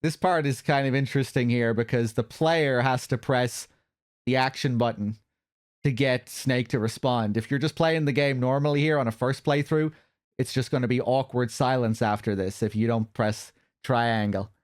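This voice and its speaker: A man streams a game and chats through it in a relaxed way, explaining the story and restarting his sentences as he goes. His voice sits in a middle range. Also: medium pitch, moderate pace. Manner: chatty, self-correcting, explaining the story. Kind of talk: casual live commentary.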